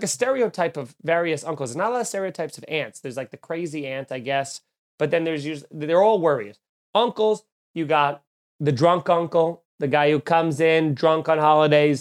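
A podcast host talking in a rambling, profane, mock-exasperated comedic way. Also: medium pitch. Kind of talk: casual comedic chat.

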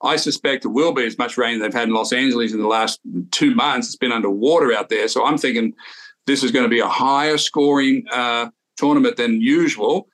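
A man's voice: mid-range voice, brisk, a bit bright. A man in his sixties with an Australian accent, a former tour pro co-hosting a podcast, telling stories in an easygoing way with many restarts. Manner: easygoing storyteller with frequent restarts. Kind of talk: casual podcast chat.

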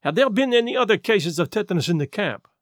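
A man reading an audiobook voices a fussy, precise Belgian detective, asking measured questions. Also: high-pitched, lively intonation, no room sound, clean studio sound. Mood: probing. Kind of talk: audiobook character voice.

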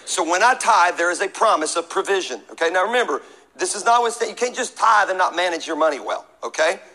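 A middle-aged pastor, preaching a sermon with humor and call-and-response to the congregation. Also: male voice, high voice, expressive, fairly quick, bright, forceful tone, poor audio.

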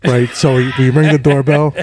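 A man's voice: mid-range voice, level tone, moderate pace, a little mellow. A man co-hosting a podcast, telling crude stories in a loose, profane, joking way. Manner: loose, profane, laughing asides. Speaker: podcast co-host. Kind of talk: crude casual storytelling.

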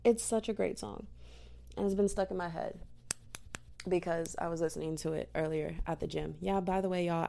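A woman's voice: lowish voice, moderate pace, gravelly. Goofy young woman rambling through makeup. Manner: goofy, rambling, self-mocking, talks to viewers as "y'all" and "girl". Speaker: makeup vlogger. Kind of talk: casual chatty makeup tutorial. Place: bedroom. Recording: poor quality audio.

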